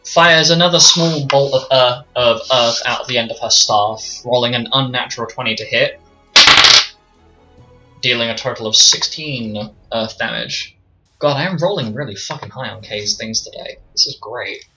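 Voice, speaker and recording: Swearing, bright-voiced male game master. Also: medium pitch, moderate pace. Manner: casual, swearing, muttering to himself while managing the map. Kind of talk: narrating a tabletop game on stream. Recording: slightly dull streamed audio with faint music.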